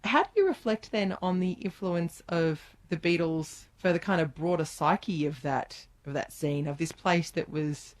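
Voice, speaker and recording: Lady radio interviewer, low voice, long rambling questions. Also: lively intonation, unhurried, hardly any pauses.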